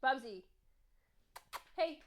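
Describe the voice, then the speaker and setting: A young woman hosting a podcast, telling stories in a casual, animated, self-mocking way and swearing freely. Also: high-pitched, extremely slow. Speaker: podcast host. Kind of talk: casual storytelling monologue.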